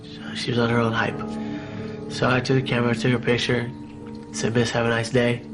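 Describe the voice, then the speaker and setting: A man's voice: mid-range voice, completely flat delivery, brisk. A man giving a candid, rambling personal testimony in an interview, with many fillers and restarts. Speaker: interviewee recounting his own story. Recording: music playing under the voice.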